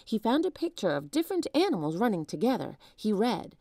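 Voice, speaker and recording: A woman reading a children's chapter book aloud in an expressive storytelling manner. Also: medium pitch, a little fast, few pauses, dry recording, clean studio sound. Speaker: storybook reader.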